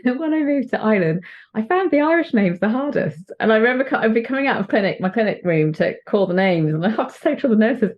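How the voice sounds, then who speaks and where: A woman from the UK, a doctor chatting as an interview guest with lots of fillers and restarts. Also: a little fast. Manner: chatty, many fillers and restarts, lively pitch jumps. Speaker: guest, HIV and sexual health doctor. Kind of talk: casual interview chat. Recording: muffled lo-fi audio.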